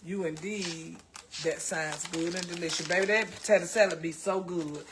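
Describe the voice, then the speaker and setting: A woman's voice: lowish voice, fairly even intonation, moderate pace, slight background noise. A Southern American woman hosting a casual cooking livestream, chatting folksily with her viewers and calling them baby and child.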